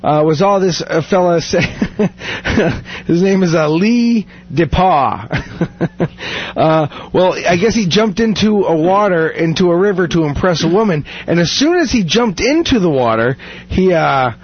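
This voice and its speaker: A man's voice: high-pitched, lively intonation, a little slow, husky. A man hosting a casual chat, rambling with many fillers and laughing often. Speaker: podcast host. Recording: dull lo-fi sound.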